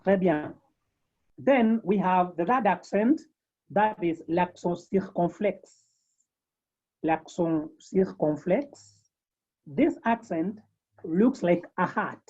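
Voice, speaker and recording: A woman teaching a beginners' French class over a video call, slowly repeating each term several times. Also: lowish voice, lively intonation, dark tone, muffled recording. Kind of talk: online language lesson.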